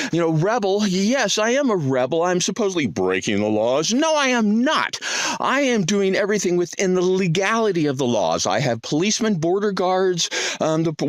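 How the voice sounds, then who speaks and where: A man's voice: no room sound, clean studio sound. A man vlogging outdoors on a hiking trail, talking in a rambling, playful way into a handheld phone. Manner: rambling and playful, with wide swings in pitch. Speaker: thru-hiker vlogger. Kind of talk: casual outdoor vlog monologue.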